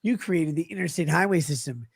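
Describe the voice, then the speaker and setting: Drunk man rambling, husky, dry close sound, wild swings in pitch and loudness. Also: animated, fairly quick, no echo. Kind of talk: rambling stream monologue.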